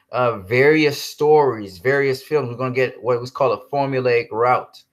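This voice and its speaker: A man's voice: medium pitch, moderate pace. A man ranting heatedly in a commentary vlog, swearing and then apologizing for cursing. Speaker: commentary vlogger.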